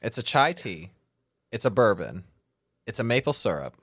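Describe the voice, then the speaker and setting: A man trades deadpan jokes and puns in a casual chat, his pitch rising and falling in lively swings. The recording is close and dry, with no room around it. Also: normal speed, husky, no room sound. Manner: deadpan, joking.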